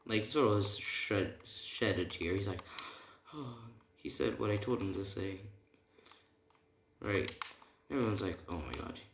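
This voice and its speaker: A man's voice: on the low side, a little slow, gravelly, pauses often. A man casually telling a made-up fan story, rambling and retelling the dialogue with lots of "he's like" and "right?". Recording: echoey room with keyboard typing noise.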